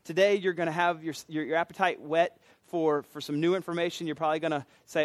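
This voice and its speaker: A middle-aged Southern US man preaches a relaxed, folksy sermon, sounding like he is chatting with his congregation. His voice sits a little higher than most men's. The sound is dry and close, with almost no room echo. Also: quick pace, few pauses. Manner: conversational and folksy, self-deprecating asides. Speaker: pastor teaching a doctrine class.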